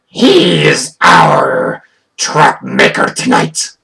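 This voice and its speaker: A man voicing a loud, bossy kobold ringleader who announces to a crowd in slow, drawn-out bellows. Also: medium pitch, huge pitch swings, gravelly, pitched above the performer's own voice, heavily acted. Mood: boisterous.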